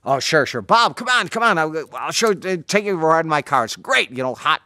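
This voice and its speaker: A man doing an excitable proud young fighter. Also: moderate pace, husky, no room sound, clean studio sound, heavily acted. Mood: excited. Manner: high eager boasting voice. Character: proud excitable young male martial artist.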